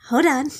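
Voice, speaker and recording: A woman playing a tabletop game, hesitant and full of fillers. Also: a little hiss or hum. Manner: hesitant, giggly, filler-heavy. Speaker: player. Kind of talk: casual game-table chat.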